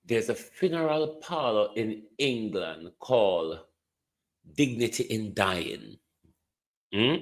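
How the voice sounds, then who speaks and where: Talking slowly in an animated, lowish voice, this Jamaican-accented man launches into heated political commentary. He's scornful, keeps calling out the Prime Minister and blends Jamaican Patois into English.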